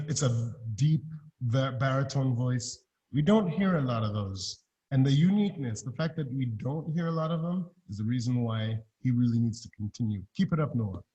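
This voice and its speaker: A man chatting casually as a guest musician on a video call, relaxed and friendly, talking from his home. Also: mid-range voice, lo-fi sound. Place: room in his home in Montreal. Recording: reverberant room over a video call.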